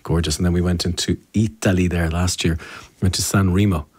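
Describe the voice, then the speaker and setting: An Irish man hosts a radio show from a studio microphone and reads out listener messages. His voice sits low and a little husky. He talks in a relaxed, chatty way and jokes along with his listeners. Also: brisk. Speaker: radio presenter. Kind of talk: casual radio chat reading listener messages.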